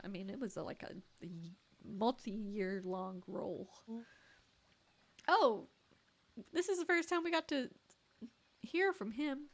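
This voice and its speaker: A woman's voice: a little high, slow, pauses often, faint music behind. A woman streaming a game, making playful, giggly asides. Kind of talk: casual game commentary.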